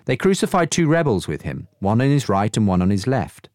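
A man reading scripture aloud in a measured, expressive way. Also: lowish voice, dry recording, clean studio sound. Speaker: scripture reader.

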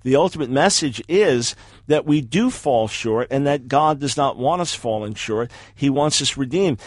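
A man answering in a debate, measured and explanatory. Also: medium pitch, animated, dry recording. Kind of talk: debate rebuttal.

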